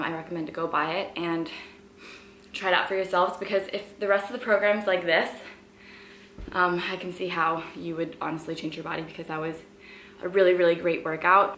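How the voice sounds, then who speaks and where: A woman's voice: fairly low pitch, steady tone, fairly quick, fairly bright tone, slight background noise. Chatty woman vlogging upbeat at home. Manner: chatty, filler-heavy, upbeat. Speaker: fitness vlogger. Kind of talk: casual vlog chat.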